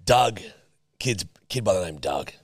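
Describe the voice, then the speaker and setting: A young adult man, co-hosting a casual podcast with rambling stories and deadpan jokes. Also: deep voice, a little slow, breathy edge, no room sound, clean studio sound. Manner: joking, rambling, deadpan quips. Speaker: podcast co-host. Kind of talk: casual chat.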